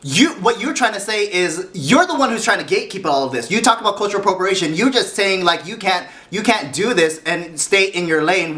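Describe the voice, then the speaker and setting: Bright high-voiced man commenting. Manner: conversational, stops to ask right?. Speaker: commentator reacting to a podcast clip. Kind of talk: casual commentary.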